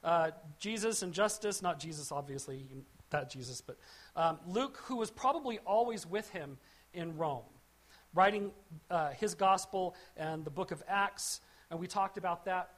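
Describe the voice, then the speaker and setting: A woman's voice: fairly low pitch, normal speed. Conversational woman teaching scripture. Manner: conversational, with frequent restarts and asides. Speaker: Bible teacher. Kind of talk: verse-by-verse Bible teaching.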